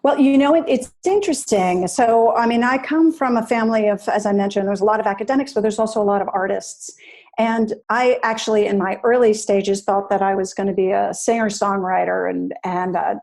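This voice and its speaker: A woman's voice: medium pitch, steady tone, gravelly, darkish tone. A woman in her fifties, a podcast guest, talking in a thoughtful, casual way and often restarting her phrases. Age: 50s. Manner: thoughtful, restarts phrases, spells things out slowly. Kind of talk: casual interview chat.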